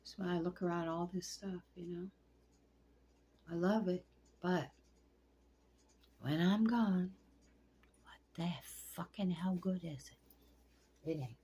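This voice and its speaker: A woman's voice: lowish voice, takes it slowly, pauses often, mellow, husky. A middle-aged woman venting at home in a casual vlog, blunt and profane, rambling from one gripe to the next. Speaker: vlogger. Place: at home among pet turtles.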